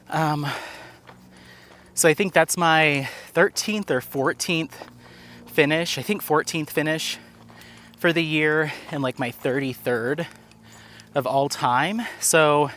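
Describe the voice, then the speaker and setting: A man's voice: a little high, fairly bright tone. A man vlogging while out on a walk, chatting casually and rambling, a little out of breath. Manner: chatty, rambling, filler-heavy. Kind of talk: casual chat while walking. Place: outdoors on a walk.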